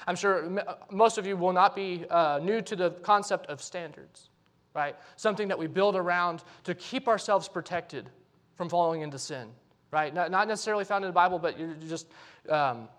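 A man's voice: high voice, fairly bright tone. A man preaching a sermon, earnest, and pleading when he voices the prayers, with frequent "right?" asides to the congregation.

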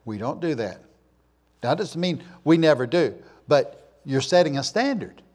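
A man preaching a sermon, emphatic, snapping between loud punchy words and quiet asides, using call-and-answer lists. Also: fairly high pitch, lively intonation, a little slow. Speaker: pastor.

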